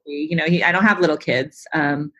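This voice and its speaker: A woman's voice: low-pitched, fairly quick, lo-fi sound. A middle-aged woman interviewed as a guest, who laughs easily and lets her sentences trail off. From United States. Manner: warm, laughs easily, trails off mid-thought. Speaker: guest, embroidery artist. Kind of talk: casual interview chat.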